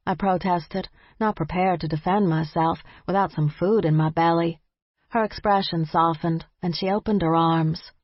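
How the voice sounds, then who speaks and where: A woman reads a first-person audiobook in a measured, wry storytelling manner. Her voice is husky and a bit low. The recording is dry and slightly muffled. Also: steady tone, dry recording. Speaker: audiobook narrator. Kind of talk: first-person scripted narration.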